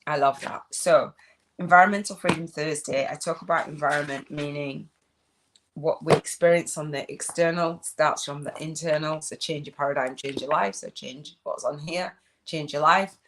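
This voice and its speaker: A woman's voice: low-pitched, steady tone, moderate pace, background noise. A woman in her forties with a Leeds accent, rambling chattily through a vlog while walking outdoors. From northern England. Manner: rambling, chatty, restarts often. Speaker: spiritual business coach. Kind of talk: casual vlog monologue. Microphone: phone.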